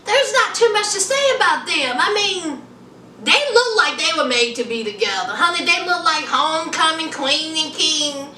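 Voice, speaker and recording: A woman gushes over a TV show in a sassy, chatty way, sprinkling honey and child through her talk. Her voice sits very high and bright, swooping up and down while she takes her time. She sounds a bit off-mic in an echoey room. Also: animated, moderate pace, far from the mic, slight background noise. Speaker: show reviewer. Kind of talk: casual TV review chat.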